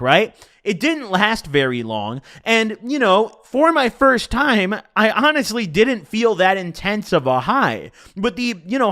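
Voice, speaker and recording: A man telling a wild personal story in a casual, profane, animated monologue. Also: high voice. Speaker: storytelling streamer.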